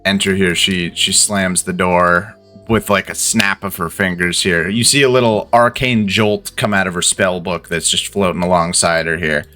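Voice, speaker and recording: A man's voice: low voice, fairly even intonation, normal speed, few pauses, bright, forceful tone, faint music behind. A man narrating as game master in a casual, laid-back way, with frequent swearing.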